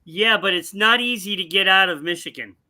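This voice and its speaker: A high-pitched man with a very bright, sharp-edged voice, co-hosting a sports show. He hems with fillers before landing his picks with emphatic bursts. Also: a little fast. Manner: hesitant fillers, then emphatic outbursts. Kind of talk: casual sports picks chat.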